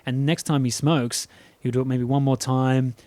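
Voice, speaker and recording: A man co-hosts a casual podcast, spinning long rambling anecdotes full of restarts. His voice sits at an ordinary pitch. The sound is dry and close, with no room around it. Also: little pitch movement, moderate pace, a little mellow, no echo. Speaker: podcast co-host. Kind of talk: casual storytelling chat.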